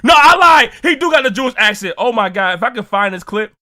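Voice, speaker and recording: A man reacting to music in a very high, piercingly bright voice. He talks loudly and excitably, swears freely, and keeps bursting into shouts. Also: fast.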